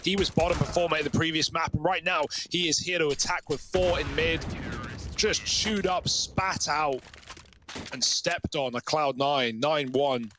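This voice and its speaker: Male esports caster, bright sharp tone, slightly high, excitable play-by-play. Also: slight background noise. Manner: excitable, fast reactions. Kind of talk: live play-by-play commentary.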